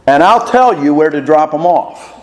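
A pastor putting on God as a no-nonsense boss. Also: male voice, on the high side, lively intonation, moderate pace, big-room sound, natural voice. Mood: instructing. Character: God giving orders to a fish, matter-of-fact boss.

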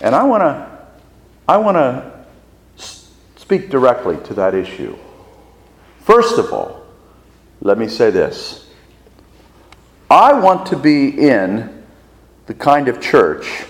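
A male pastor preaches slowly and deliberately, leaning on rhetorical questions and repetition. His pitch swings widely and sits slightly high for a man. The sound rings on in a long, echoing church hall. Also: huge pitch swings. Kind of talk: sermon. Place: church sanctuary.

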